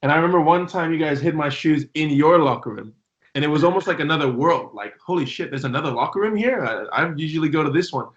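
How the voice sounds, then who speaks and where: A man hosting an interview, a former teammate who retells team stories quickly and animatedly, swearing casually. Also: fairly high pitch. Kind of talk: casual conversation. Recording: dull lo-fi audio.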